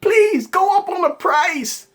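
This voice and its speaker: A man putting on the voice of a whiny customer who keeps begging a seller to raise his prices, shouting and pleading in a mock-tearful way. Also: very high voice, animated, slow pace, voice pushed up, full character voice.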